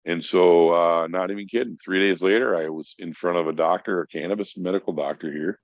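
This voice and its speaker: A deep, gravelly man tells a long story as a podcast guest, swearing freely and getting emphatic as he goes. The recording sounds dull and lo-fi, dry, with no room around the voice. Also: brisk, no echo. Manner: profane, emphatic, animated storyteller. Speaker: podcast guest, mental health worker. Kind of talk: casual storytelling.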